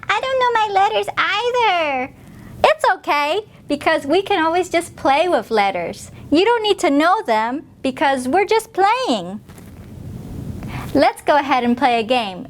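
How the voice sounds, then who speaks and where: A woman hosts a library story time, reading aloud to preschoolers in a gentle, sing-song voice. Her voice sits high, with swooping, lively pitch, and she takes her time.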